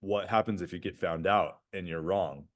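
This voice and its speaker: Lively man co-hosting a podcast. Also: low voice, normal speed. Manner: animated, many restarts and "right?" tags. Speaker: podcast co-host. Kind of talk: casual podcast chat.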